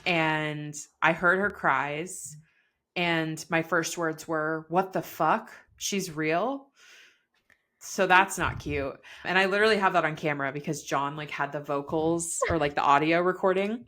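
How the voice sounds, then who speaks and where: A woman's voice: low-pitched, normal speed. Chatty young woman telling a story. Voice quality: chatty, peppered with "like", laughs often. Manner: quotes herself and others in animated bursts. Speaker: podcast guest telling her birth story. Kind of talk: casual chat.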